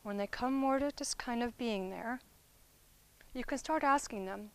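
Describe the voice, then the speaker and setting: A woman therapist explaining inner-child healing work in a conversational teaching style. She checks in with her listeners as she goes and often softens into gentle, quiet phrasing. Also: a little high, normal speed, poor audio. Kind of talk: instructional talk.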